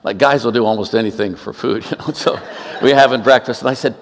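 Preaching with humorous stories, a man in his seventies from Oakland, California, jokes animatedly and tosses in quick asides. His voice sits mid-range and has a big-room sound.

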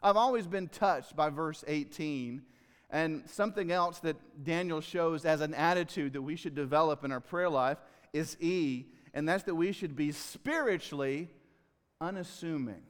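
A male pastor delivers a sermon in a slightly high voice. He is earnest, rising loud on key phrases and dropping low in between. His voice rings with the long reverb of a big hall. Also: moderate pace, smooth.

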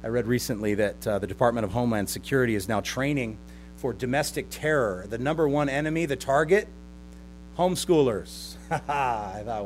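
Male pastor, mid-pitched, chatty sermon delivery with sarcastic asides, faint music behind. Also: moderate pace. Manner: conversational, with mocking sarcastic impressions and chuckles. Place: church service with a live congregation.

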